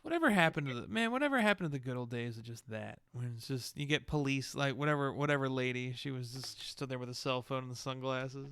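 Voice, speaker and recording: A man co-hosting a podcast, chatting casually with quick, joking interjections. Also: mid-range voice, a bit bright, clear, resonant tone, dry recording, clean studio sound. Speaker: podcast co-host. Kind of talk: casual chat.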